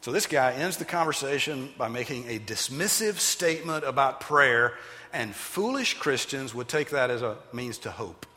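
In a large hall, a man preaches as pastor at a normal speed in a mid-range voice. He's emphatic and animated, occasionally using loud voices to quote people.

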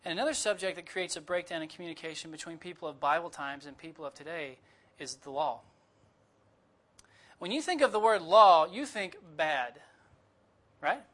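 Guest preacher, male, high and bright-toned, chatty sermon delivery read from notes. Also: expressive, normal speed. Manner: conversational, with humorous asides and disclaimers; reads closely from notes.

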